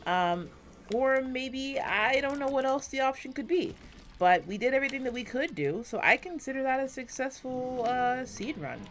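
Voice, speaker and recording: A woman giving casual, rambling commentary while playing a video game, self-deprecating and swearing often, swinging between quiet and loud, on a close desk mic. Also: sits high, animated, normal speed, a little hiss or hum. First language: English. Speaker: gaming YouTuber.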